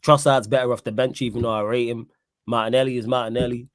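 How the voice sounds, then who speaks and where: A man's voice: medium pitch, flat delivery, fast, no echo, clean studio sound. A man hosting a casual football chat, wry and teasing. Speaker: podcast host.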